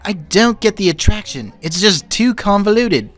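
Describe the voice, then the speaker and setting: An actor voicing a hot-tempered young male gangster with a gruff, snapping delivery in an audiobook. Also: medium pitch, animated, normal speed, a faint crowd, natural voice. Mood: irritated.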